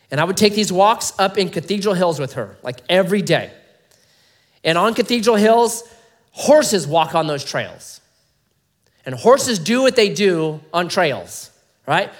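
A man preaching a sermon in a conversational, animated way, full of rhetorical questions to his listeners. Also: sits high. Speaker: pastor.

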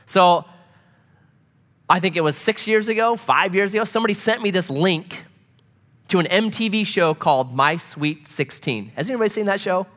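A middle-aged man preaching a sermon, telling stories in an animated way and swinging from loud to soft. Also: high voice, normal speed. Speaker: pastor. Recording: long hall reverb.

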